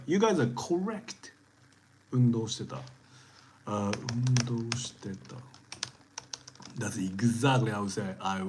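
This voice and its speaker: A Japanese-accented man leads a relaxed live-streamed lesson, his voice swinging up and down as he cheers his viewers on. He talks at a medium pitch. Faint room noise and keyboard typing sit under his voice. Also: poor audio. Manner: lively, encouraging, switches between English and Japanese.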